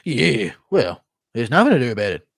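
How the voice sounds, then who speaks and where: A man's voice: medium pitch, big pitch swings, moderate pace, vocal fry, breathy edge, no echo, studio quality, exaggerated voice. A man impersonating an Australian fighter in an offhand, drawling way, with an Australian accent. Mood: dismissive.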